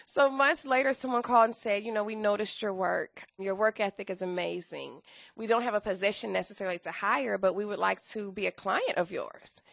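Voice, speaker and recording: Lively storytelling woman, gravelly bright voice. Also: a little fast, dry recording. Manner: lively, acts out quotes with big pitch jumps and laughter. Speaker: guest. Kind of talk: animated storytelling in a podcast interview.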